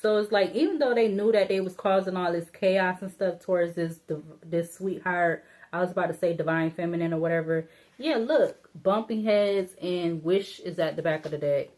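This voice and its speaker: Low-pitched woman as a chatty tarot reader, mumbling through the cards and swearing casually. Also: steady tone, moderate pace, darkish tone. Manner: rambling, thinking aloud, laughing to herself; blunt and informal, cursing casually. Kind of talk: casual solo tarot reading.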